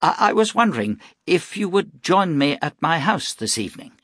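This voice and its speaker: A man's voice: on the high side, sing-song, normal speed, fairly bright tone, no room sound, clean studio sound, pitched above the performer's own voice. A man reading aloud plays a fussy, stammering innkeeper who pushes his point. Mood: eager. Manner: flustered, stammering, pushy. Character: excitable, fussy male innkeeper.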